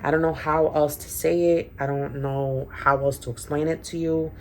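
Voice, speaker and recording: A woman's voice: low-pitched, level tone, moderate pace, darkish tone, slight background noise. A woman with a Spanish accent giving a casual tarot reading to her viewers, rambling and often restarting her phrases. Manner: rambling, repeats and restarts phrases, frequent "okay?". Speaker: tarot reader.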